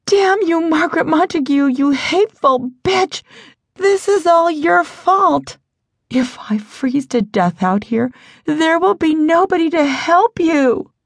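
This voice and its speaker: A woman's voice: on the high side, moderate pace, few pauses, darkish tone, no echo, voice pushed up. A woman voicing a frightened young woman lost in a blizzard, crying out desperately. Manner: desperate, pleading cries.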